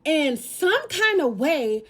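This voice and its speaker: A woman's voice: high voice, sing-song, takes it slowly, a bit bright. A young American woman telling a casual storytime vlog, chatty and talking straight to her viewers with a lot of slang. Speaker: lifestyle content creator.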